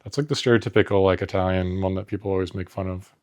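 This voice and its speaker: A man from New Jersey, co-hosting a podcast and telling stories in a relaxed, rambling way full of "like.". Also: low-pitched, fast. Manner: rambling, relaxed storytelling with frequent "like". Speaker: podcast co-host. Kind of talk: casual chat.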